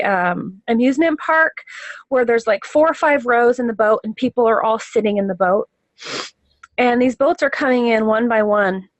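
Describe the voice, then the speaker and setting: A woman's voice: fairly high pitch, no echo, muffled recording. Earnest woman recounting a vision. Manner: searching for words, with many fillers and restarts. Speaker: person sharing a vision. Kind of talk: casual spoken account.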